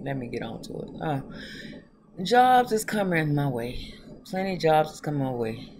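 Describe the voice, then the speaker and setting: A woman's voice: a bass voice, creaky, noisy background. A woman reading tarot on her own channel, chatting loosely and talking straight to her viewers with frequent laughs. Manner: laughs often. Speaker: tarot reader. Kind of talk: casual tarot reading vlog.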